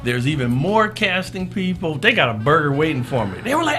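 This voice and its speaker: Fifties guy from socal telling a story, lively swooping voice, does everyone's voices, music playing behind. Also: fairly high pitch, a little fast, few pauses. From Southern California, US. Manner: acts out the other people's voices, often with a laugh in his voice. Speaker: guest. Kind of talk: animated storytelling. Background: background music.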